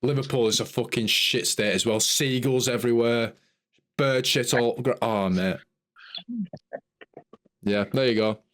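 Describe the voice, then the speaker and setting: Young man, podcast host, casual chat, animated sweary storyteller. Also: mid-range voice, a little slow, pauses often.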